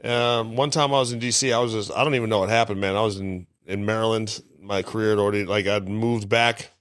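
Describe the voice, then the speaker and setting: A middle-aged man, a stand-up comedian, telling frank, profane stories in a relaxed way as a podcast guest on a close mic. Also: on the low side, fast talker, smooth, no room sound. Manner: frank, profane, laid-back storyteller. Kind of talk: candid storytelling in casual interview.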